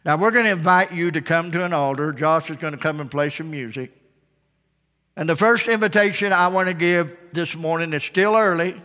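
A male pastor preaching an altar call, swinging between loud calls and soft pleading. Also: a little high, moderate pace. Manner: calls out names loudly, then drops to soft pleading. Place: large church sanctuary. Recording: church broadcast with long reverb.

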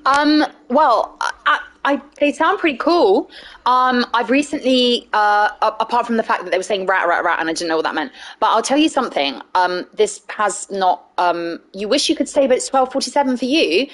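A woman's voice: on the high side, expressive, normal speed, a bit bright. A young woman chatting casually on a game live stream, playful, laughing often and swearing freely. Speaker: streamer playing a video game.

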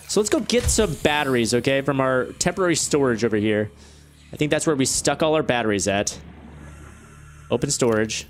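A man commentating his own gameplay, ranting in exasperation and jumping up in pitch when frustrated. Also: animated, brisk, slight background noise. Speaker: let's play host.

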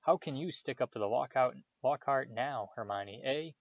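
A man's voice: mid-range voice, moderate pace, creaky, dry recording, highs cut off. A man reading aloud voices a cheerful teenage boy who chats and teases his friends. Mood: chatty.

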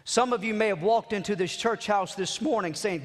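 A man preaching a sermon in a church, dropping to hushed murmurs and rising to shouted climaxes, repeating phrases for emphasis. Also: sits high, moderate pace. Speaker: pastor. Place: church sanctuary. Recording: long church reverb.

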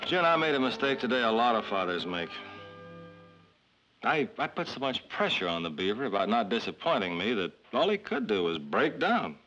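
A gentle, lively-voiced sitcom father. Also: mid-range voice, moderate pace. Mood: earnest. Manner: earnest, soft-spoken, self-questioning. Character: thoughtful middle-aged suburban father, gentle. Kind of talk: 1950s sitcom acting. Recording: dull 1950s TV soundtrack with faint music.

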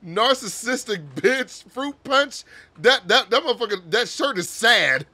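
A man's voice: extremely high pitch, expressive, measured pace, pushed and bright. A man giving casual, crude reaction commentary, joking and laughing often. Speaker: reaction video host.

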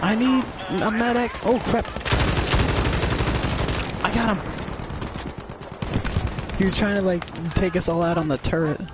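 A man joking and laughing while playing a shooter game with a friend. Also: high voice. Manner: giggly, jokey, quick to laugh. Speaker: gamer. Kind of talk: casual co-op gameplay chat. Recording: loud gunfire over game noise.

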